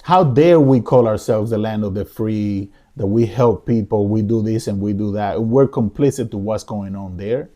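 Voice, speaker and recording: A man's voice: on the low side, moderate pace, few pauses, warm tone. A man hosting a talk show, delivering emotional solo commentary in a pleading, repetitive way, speaking from his living room. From United States. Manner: emotional, pleading, repeats himself. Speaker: podcast host.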